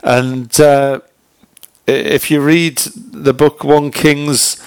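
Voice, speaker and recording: A man's voice: fairly high pitch, extremely slow, clear, resonant tone, no echo. A man preaching a sermon in a conversational, storytelling way, using many "you know"s and asking his listeners direct questions. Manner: retells a joke in a relaxed way.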